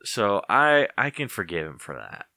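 A podcast co-host rambles through a relaxed, casual conversation, laughing often. His lowish voice is very animated, creaky, bright, and forceful, delivered at normal speed in a dry recording.

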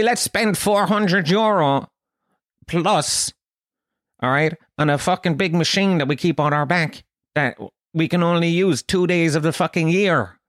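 An Irish man with a Kerry lilt tells a rambling comic story, cursing freely and leaping up in pitch on the punchlines. His voice sits at a middling pitch, and the sound is dry and close, with no room echo. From Ireland, Tralee. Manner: swears a lot, animated rants with bursts of high pitch. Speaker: comedian. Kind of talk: stand-up style comic monologue.

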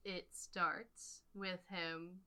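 A young woman with a fairly low but very bright, sharp voice, chatting loosely on a podcast. She rambles through a plot recap, full of ums and quick laughs. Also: level tone, smooth. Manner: rambling, laughs often, many fillers. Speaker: podcast co-host. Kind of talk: casual movie review chat.

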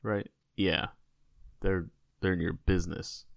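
A man with a lowish voice, co-hosting a casual podcast and chatting in a loose, joking, rambling way. The recording is dry and a little dull. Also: fairly even intonation, measured pace, vocal fry, no room sound. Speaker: podcast co-host. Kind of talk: casual chat.

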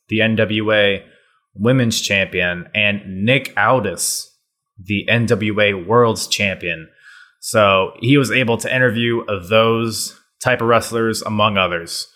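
Bright-voiced rambling male podcast host. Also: lowish voice. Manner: rambling, self-deprecating, laughs often. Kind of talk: casual podcast intro.

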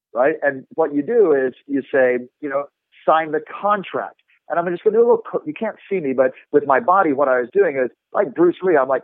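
Man, sales trainer, animated explainer, tinny phone-line sound, dry. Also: fairly high pitch, no echo. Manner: animated, demonstrates tones with his voice. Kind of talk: instructive podcast talk.

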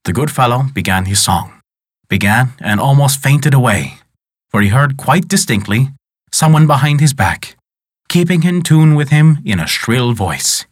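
A man narrating a folk tale in an expressive, dramatic way as the storyteller of the show. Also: mid-range voice, measured pace, slightly rough, no echo, clean studio sound.

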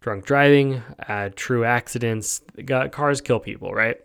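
In a casual opinion monologue on his podcast, an American host rambles along unhurriedly, leaning on fillers and frequently asking "right?" His mid-range voice is creaky yet clear and resonant, with a fairly bright tone.

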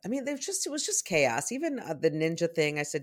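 A parent telling a rambling, animated story in casual podcast chat, often acting out what people said. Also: mid-range voice, brisk. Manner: rambling, animated anecdotes with acted-out quotes.

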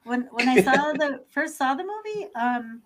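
Woman, podcast guest, fairly high voice, chatty and enthusiastic, laughs easily. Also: lively intonation, measured pace. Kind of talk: casual chat.

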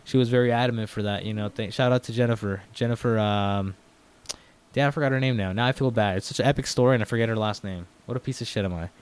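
A man's voice: fairly low pitch, fast talker, clear, resonant tone. A young man, a podcast guest, telling a story in casual talk, swearing a lot and acting out what people said. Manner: animated, heavy swearing, acts out quoted dialogue.

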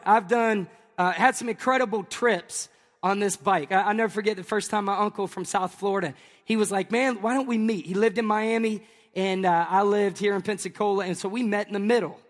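A pastor from Tennessee, telling an animated, jokey story to his congregation in a sermon. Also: high voice, a little fast, long reverb tail. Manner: animated, jokey, talks to the crowd.

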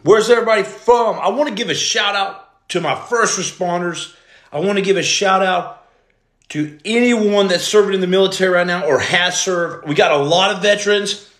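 A former Navy SEAL who hosts a podcast runs a motivational livestream, greeting viewers and reading their comments out loud. His voice is high-pitched with a fairly bright tone, and it sounds reverberant.

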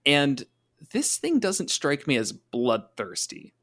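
A man's voice: mid-range voice, huge pitch swings, a bit bright. Chatty man talking tabletop game tactics. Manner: chatty, acts out quick voices for monsters and players. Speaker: podcast co-host, game master. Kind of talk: casual tabletop gaming discussion.

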